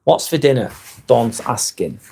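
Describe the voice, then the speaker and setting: A man's voice: mid-range voice, expressive, unhurried, creaky, darkish tone, breathy edge. A man hosting a live stream, reading viewers' chat aloud and answering in a blunt, casual way with plenty of swearing. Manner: blunt, swears freely, reads comments aloud and answers them.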